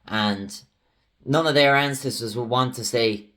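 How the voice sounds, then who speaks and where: A man's voice: medium pitch, measured pace, bright, forceful tone. Heated ranting Irish man. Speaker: channel host. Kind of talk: political commentary monologue.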